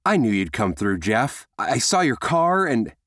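A man's voice: mid-range voice, very animated, normal speed, fairly bright tone, no echo, clean studio sound. A man doing an eager, earnest teen boy. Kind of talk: audiobook character voice.

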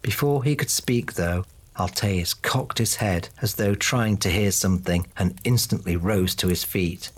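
A man narrating a fantasy audiobook in a steady, even way. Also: deep voice, unhurried, slightly rough.

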